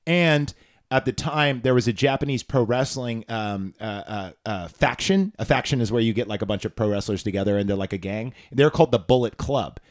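A man's voice: mid-range voice, a little fast. A man hosting a podcast, telling rambling, crude, jokey stories in casual chat. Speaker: podcast host.

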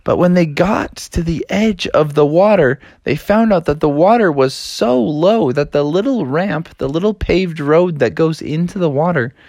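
A man's voice: a little high, normal speed, few pauses, a little mellow, no room sound. A man narrating a read-along children's story in a casual, playful way.

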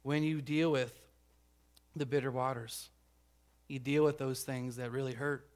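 A man's voice: medium pitch, steady tone, a little slow. Man, pastor, sermon, conversational, congregation check-ins. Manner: acts out grumbling crowd voices.

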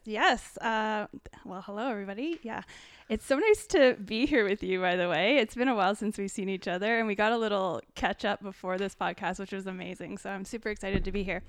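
A woman's voice: medium pitch, animated, a little fast, no room sound. A woman, a podcast guest chatting in a rambling, giggly way. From born in the United States, raised in Ontario, Canada. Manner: warm, giggly, rambling storyteller. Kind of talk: casual interview conversation.

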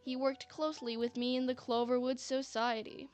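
A man's voice: extremely high pitch, level tone, normal speed. A woman voicing a sleazy, grinning man of about thirty whose accent keeps shifting. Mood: smarmy. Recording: faint music bed.

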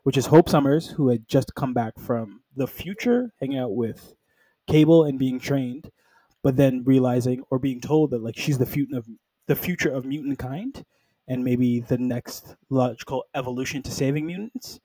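A man with a warm, mellow voice, recorded dry and close. He chats casually about comics, sprinkling in "like" and jumping into quick acted-out quotes from the characters. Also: mid-range voice, dry recording, poor audio. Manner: animated storytelling, acting out characters in quick quoted lines; peppers speech with "like". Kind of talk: casual comic book chat.

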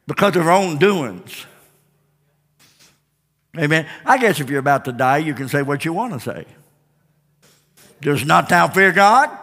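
A man's voice: high-pitched, bright, forceful tone. A male pastor preaching a fervent sermon with repeated refrains and call-and-response, recorded in a church sanctuary. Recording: long church reverb.

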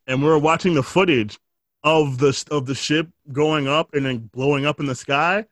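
Bright-voiced joking man, dry close mic. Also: on the high side, fairly even intonation, normal speed, dry recording. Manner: joking storyteller, swears freely, lots of fillers. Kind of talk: casual chat.

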